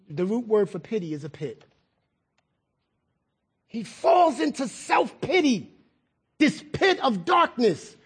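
A man's voice: extremely high pitch, breathy edge. A middle-aged male pastor preaching a sermon in a conversational way, repeating words and asking the congregation questions.

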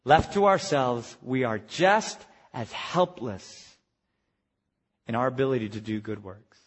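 Male pastor, lively high voice, slightly husky; preaches from hush to shout in an echoing hall. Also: unhurried. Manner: animated, swings from hushed to shouting. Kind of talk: retreat sermon. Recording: long hall reverb.

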